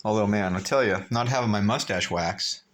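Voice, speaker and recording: A man's voice: fairly low pitch, normal speed. A man on a pilgrimage talking to his phone camera in a hotel room, rambling and emotional as he thinks aloud. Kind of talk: rambling vlog monologue.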